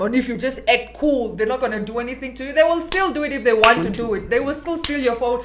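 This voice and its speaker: A woman, co-hosting a casual studio chat, speaking in a fast, emphatic, opinionated way. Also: a little high, slight background noise. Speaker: radio show co-host.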